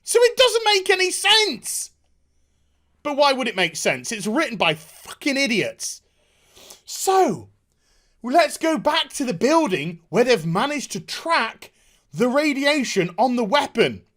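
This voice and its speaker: A woman's voice: sits high, sing-song, slow pace, a bit bright. A woman giving a sweary, exasperated, sarcastic rant reviewing a TV episode.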